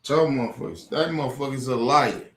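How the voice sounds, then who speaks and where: A man's voice: expressive, brisk. Furious swearing man ranting in an echoey room. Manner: heated, repetitive, swears constantly, rising to near-shouts then dropping low. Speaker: streamer ranting on camera. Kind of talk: angry profane rant.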